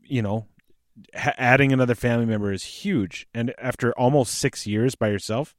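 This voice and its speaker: A Canadian man in his thirties hosts a podcast in a chatty, profane way. His voice sits at a middle pitch. The recording is close and dry. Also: normal speed, no echo. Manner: chatty, profane, prone to laughing. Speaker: podcast host. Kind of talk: casual chat.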